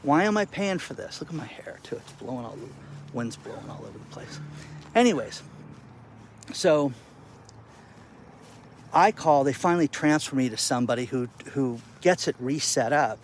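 A male content creator telling stories to camera outdoors in the wind, animated and exasperated. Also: mid-range voice, normal speed, pauses often. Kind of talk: casual vlog rant.

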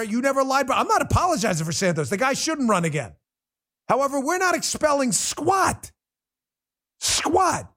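A man with a very high-pitched, wildly swinging voice hosts a political livestream. He rants in a blunt, profane, exasperated way and talks straight to his chat. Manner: addresses viewers in the chat directly. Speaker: political commentary host. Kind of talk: livestream commentary rant.

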